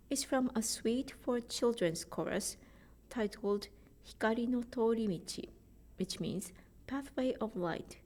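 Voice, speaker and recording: A woman's voice: mid-range voice, a little mellow. A woman with a Japanese accent giving a prepared presentation on choral music, explaining carefully and sounding out word examples. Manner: careful, measured explanations with spoken pronunciation examples.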